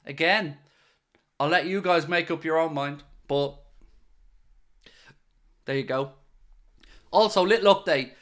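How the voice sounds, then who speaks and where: Irish male fan-channel host, casual solo commentary, wry and sarcastic, voice sits a touch high. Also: slow, pauses often, fairly bright tone. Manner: playful, sarcastic, mock-serious pitching.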